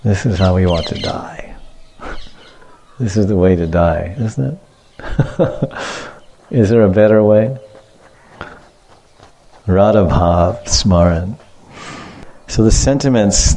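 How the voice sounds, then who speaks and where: A man gives a devotional lecture on scripture in a mellow, soft-edged voice. He repeats key words, drifts into side remarks, laughs often and acts out the scenes he retells. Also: low-pitched, slight background noise. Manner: repetitive, digressive, laughs often, acts out stories. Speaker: spiritual teacher.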